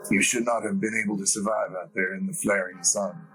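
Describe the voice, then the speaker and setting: A man voicing a gruff, bearded old man with a smooth accent who speaks low and stern. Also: fairly even intonation, a little fast, pushed and bright, soft background music, rough recording. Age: older. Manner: low, resigned, growling.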